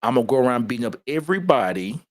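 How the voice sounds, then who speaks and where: A man co-hosting a casual podcast about faith, talking in a lively, emphatic way and often repeating himself. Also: mid-range voice, rapid-fire, no echo. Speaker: podcast co-host.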